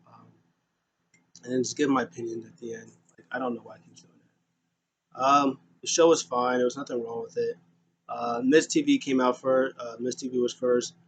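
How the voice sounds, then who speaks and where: A man talks through a wrestling show in a loose, rambling recap and keeps stopping on "uh" and "um". He slips into other people's lines as he quotes them. His voice sits at an ordinary middle pitch, with a faint hiss behind it. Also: poor audio. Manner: rambling, filler-heavy, acts out quotes. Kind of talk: casual recap vlog.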